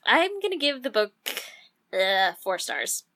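Bright-voiced woman co-host. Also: mid-range voice, sing-song, measured pace. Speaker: podcast co-host. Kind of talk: casual chat.

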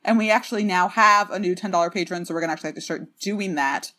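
Recording remotely from a separate apartment, a podcast co-host speaks in a fairly low, pushed, bright voice. She keeps the chat casual and bubbly, with rapid jokey asides.

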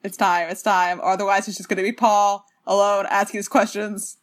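A woman's voice: mid-range voice, level tone. A woman co-hosting a podcast remotely, chatting casually with jokey asides. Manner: bubbly, jokey, fast asides. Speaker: podcast co-host. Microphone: remote recording, separate apartments.

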